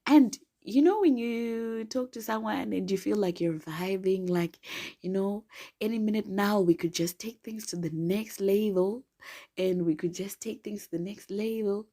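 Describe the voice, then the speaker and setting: A woman's voice: mid-range voice, unhurried, dark tone. Playful, giggly woman podcast host. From Zimbabwe. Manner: playful, giggly, dramatic, drops into whispers. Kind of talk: casual storytelling monologue.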